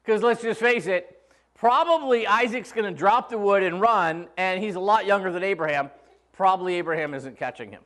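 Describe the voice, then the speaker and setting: A high-voiced man preaching in church. He talks in a relaxed, conversational way and slips in humor as he retells a story. His delivery often slows for emphasis. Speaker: pastor. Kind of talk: sermon.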